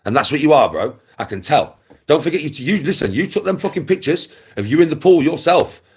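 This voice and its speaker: A man's voice: on the high side, expressive, fairly quick, slightly rough. A man, ranting casually to camera in a mocking, taunting way, repeating his jibes and breaking into laughs. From West Midlands, England. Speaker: vlogger.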